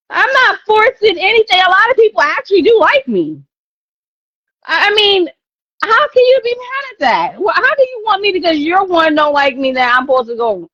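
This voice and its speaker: High-voiced woman ranting on a live stream. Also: bright, forceful tone, no echo, dull audio. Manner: confrontational, profane, repeats phrases for emphasis. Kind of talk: heated live-stream rant.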